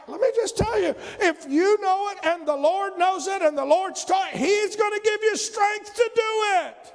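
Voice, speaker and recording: A male preacher delivering a sermon with a strikingly high, gravelly voice. He is animated, swinging into loud emphatic shouts and mimicking whiny pleas. His words ring out with the long reverb of a large church hall. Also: moderate pace, few pauses. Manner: acts out whiny prayers in a mocking voice.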